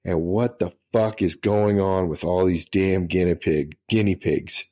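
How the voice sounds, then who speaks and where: A man voicing an angry male first sergeant who yells profanely at a young airman. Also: low-pitched, fairly even intonation, a little slow. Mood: furious. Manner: yelling, profane.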